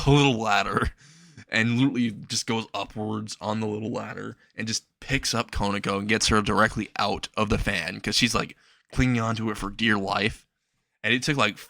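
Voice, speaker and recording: A man's voice: fairly low pitch, vocal fry, fairly bright tone, no room sound, studio quality. A man casually improvising a fan story, chuckling and rambling with frequent restarts.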